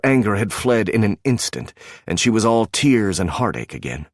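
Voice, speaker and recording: Male romance audiobook narrator, low voice, dry close-mic read, measured delivery. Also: sing-song, vocal fry, dry recording.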